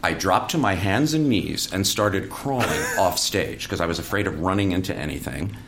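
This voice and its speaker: A man's voice: low voice, normal speed, creaky, background noise. A man who is a stage actor, telling theater anecdotes in casual chat, laughing often as he goes. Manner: lively storyteller, laughs often.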